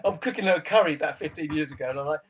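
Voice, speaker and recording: A middle-aged man, a TV chef guest, chatting casually in an interview and telling animated stories with frequent laughter. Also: on the high side, rapid-fire, a loud crowd. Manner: animated storyteller, laughs often.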